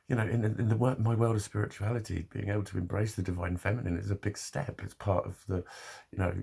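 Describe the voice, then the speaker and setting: A man's voice: fairly low pitch, gravelly, breathy edge. A man vlogging in a loose, rambling monologue, swearing a lot and laughing often.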